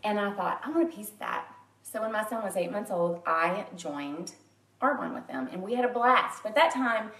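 Far from the mic in a roomy space, a woman in her forties from Louisiana speaks in a mid-range, slightly bright voice with lively intonation and a moderate pace. The makeup artist and direct sales consultant chats openly and personally with a private group over live video, frequently laughing at herself.

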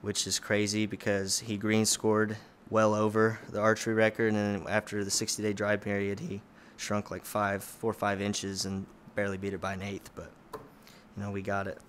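Low-voiced young man. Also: completely flat delivery, moderate pace, fairly bright tone, a little hiss or hum. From Oklahoma. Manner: rambling, many "you know" and "like". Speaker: hunter guest. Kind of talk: casual storytelling.

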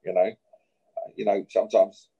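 A boxer's interview trash talk comes in a fairly low, level voice that is creaky and dark with a breathy edge, delivered at a measured pace. He confrontationally challenges his rival, finishing each point with "yeah?" The highs are cut off.

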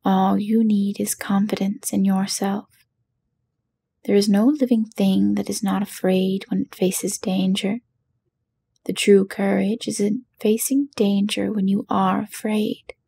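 A woman's voice: mid-range voice, little pitch movement, slow, vocal fry, warm tone, breathy edge, heavily acted. A woman voicing a humbled little man posing as a wizard, in whispered role-play with a meek, apologetic manner.

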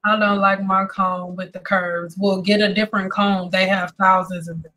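A woman's voice: mid-range voice, level tone, moderate pace, hardly any pauses, pushed and bright, faint music behind, rough recording. A woman hairstylist from Detroit, talking blunt and intense in a joking livestream chat. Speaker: hairstylist host.

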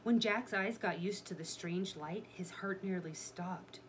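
A woman reading a children's chapter book aloud in a steady storytelling manner. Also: mid-range voice, unhurried, a little hiss or hum. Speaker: reader.

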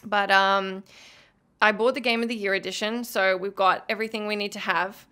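A young woman chatting live with her viewers while gaming, bubbly and effusive, quick to laugh and to gush thanks. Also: mid-range voice, fairly even intonation, bright, forceful tone. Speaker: game streamer.

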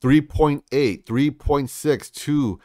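A man's voice: medium pitch, slow pace, mellow. A man talks through a crypto market update in a hyped, salesy way, calling his audience folks. His voice sits in a middle register and comes through a close mic in a dry room with no echo. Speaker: crypto channel host.

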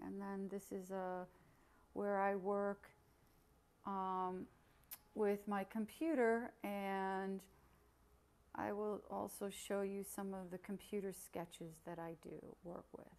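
A middle-aged woman painter giving a relaxed, casual tour of her studio, explaining how she works. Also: mid-range voice, gravelly.

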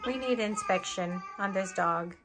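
A woman's voice: mid-range voice, measured pace, background noise. A woman vlogging at home, chatting casually and cooing in baby talk to her pet monkeys. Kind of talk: casual vlog chat.

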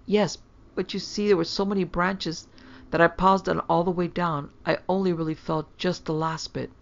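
A woman's voice: on the low side, steady tone, normal speed, vocal fry, highs cut off. A woman voicing a timid, secretive young girl who talks hurriedly and nervously in a storybook reading. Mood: triumphant.

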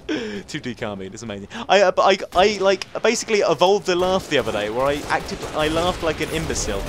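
A young man in his late teens from England talks fast and rambles jokily over a game, and his high voice leaps around wildly. There is a faint hiss behind him throughout. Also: very animated. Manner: fast, rambling and jokey, with sudden squeaky jumps. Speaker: gaming YouTuber. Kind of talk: casual gameplay commentary.

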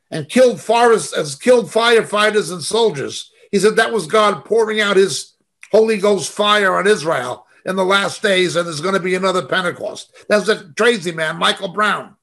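A man's voice: high-pitched, fairly bright tone. A middle-aged man teaching a Bible study over a video call. He reads scripture verses aloud and follows them with emphatic comments.

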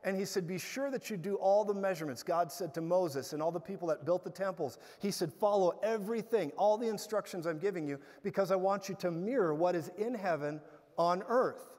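Guy preaching in a big hall, pretty high voice, long echo, animated storytelling. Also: fairly quick. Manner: animated storytelling with bursts of loud laughter. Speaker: guest preacher. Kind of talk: sermon. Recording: hall reverb.

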